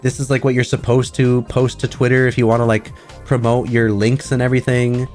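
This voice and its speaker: A man's voice: mid-range voice, flat delivery, fairly quick, a little mellow, faint music behind. Chatty rambling man streaming. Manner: rambling, filler-heavy, chatty. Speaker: VTuber streamer. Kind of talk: casual livestream chat.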